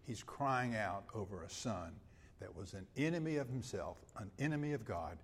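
A man preaching a sermon and reading scripture, with emphatic, drawn-out phrases that swell loud and then drop to a hush. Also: fairly low pitch, lively intonation, slight background noise. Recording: long hall reverb.

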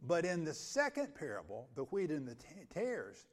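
A man's voice: fairly high pitch, huge pitch swings, normal speed. A man preaching an expository sermon, reading scripture aloud and then explaining it step by step, repeating key phrases for emphasis. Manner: occasional restarts when speaking off the cuff.

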